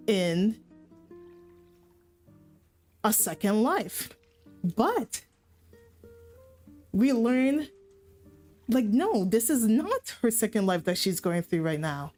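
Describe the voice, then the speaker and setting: A woman streamer ranting through a story recap in a loose, profane, self-correcting style. Her voice sits at a middle pitch for a woman. Faint background music plays under her voice. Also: darkish tone. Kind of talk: casual story recap rant.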